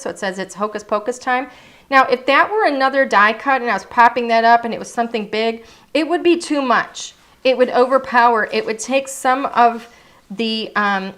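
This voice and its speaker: A woman's voice: a little high, fairly bright tone. A woman presenting craft products in a casual, chatty showcase, gushing over each item and sometimes hunting for words.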